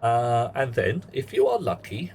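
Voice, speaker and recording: A man's voice: mid-range voice, sing-song, unhurried, vocal fry, darkish tone. A man streaming a game live, rambling through wry, chatty asides to his viewers. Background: game music.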